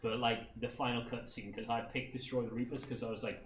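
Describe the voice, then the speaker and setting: A man's voice: medium pitch, flat delivery, quick pace, few pauses. A man co-hosting a casual gaming podcast, dry and sarcastic, swearing now and then. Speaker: podcast co-host. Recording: echoey room, dull lo-fi sound, faint hiss.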